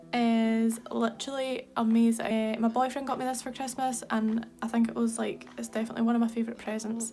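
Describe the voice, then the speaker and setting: A young Scottish woman, a makeup artist, chatting warmly and enthusiastically through a makeup tutorial. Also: a little high. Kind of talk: casual makeup tutorial chat.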